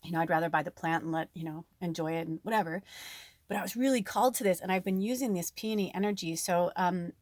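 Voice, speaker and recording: A woman giving a casual spiritual reading to her viewers, chatty and animated, swearing now and then. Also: on the low side, fast, no echo. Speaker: spiritual reader.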